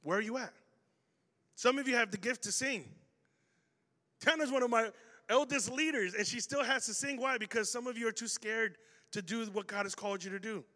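A man's voice: extremely high pitch, normal speed, pauses often, sharp tone. A man preaching a sermon as pastor, telling stories animatedly and acting out the voices of the people in them. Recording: hall reverb.

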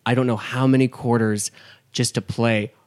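A man's voice: mid-range voice, level tone, normal speed, a little mellow. A man talking as a podcast guest, telling stories eagerly and laughing along. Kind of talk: casual chat.

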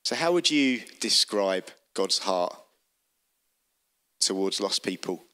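A man's voice: low voice, animated, takes it slowly, bright, forceful tone. A man preaching a sermon, telling the story vividly and with emphasis.

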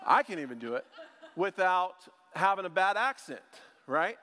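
A man with a fairly high voice preaching to a church, talking casually and breaking in with jokes at his own expense. His voice rings out with a long reverb off the big sanctuary walls. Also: big pitch swings, moderate pace, pushed and bright. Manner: joking, chatty, self-deprecating asides. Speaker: preacher and ministry school teacher. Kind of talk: casual conversational sermon.

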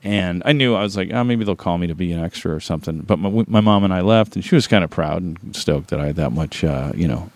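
A middle-aged man with a fairly low voice, speaking as a guest in a casual interview. He rambles through his stories in an easygoing way and restarts his sentences. The sound is dry and close, with no room around it. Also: quick pace, hardly any pauses, dry recording. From American Midwest. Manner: relaxed, rambling, with laughs and restarts. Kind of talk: casual storytelling in a podcast interview.

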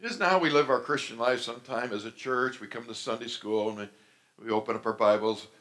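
A man's voice: mid-range voice, a little fast, fairly bright tone. A middle-aged man preaching a sermon as pastor, telling stories animatedly and acting out the voices he quotes.

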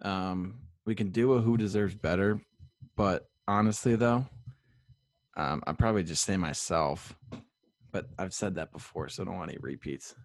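A young man with a deep voice talks while still out of breath, his words carried on heavy breaths as he rambles with "um"s through a solo podcast. The recording is dry and close. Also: moderate pace, no room sound. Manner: rambling, filler-heavy, self-deprecating. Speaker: solo sports podcast host. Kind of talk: casual rambling sports podcast.

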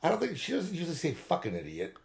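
A man's voice: a little high, wildly swooping pitch, fast, creaky. Profane, rambling older-sounding man. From Southern California. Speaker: podcast co-host. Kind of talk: casual chat.

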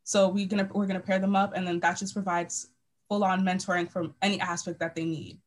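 A woman's voice: on the low side, level tone, poor audio. Earnest young woman podcast guest. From United States. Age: young adult. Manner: earnest, halting, many fillers. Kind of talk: casual interview talk.

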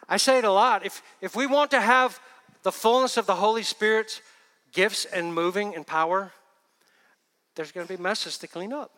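A male pastor preaching with a high, bright, forceful voice. He drops to hushed asides and then rises to loud, emphatic bursts. The long reverb of a large church hall carries behind him. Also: normal speed. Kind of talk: sermon.

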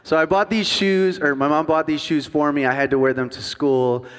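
A man's voice: on the high side, steady tone, normal speed, clear, resonant tone. A man in his thirties, a guest worship pastor, preaches a sermon with humorous, self-deprecating storytelling and jokey asides to the congregation. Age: 30s. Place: church sanctuary before a congregation. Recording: long reverb of a large hall.

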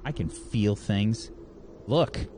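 A man's voice: fairly low pitch, very slow, background noise, voice pushed up. A man voicing an unhinged young male killer who snarls threats. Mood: menacing.

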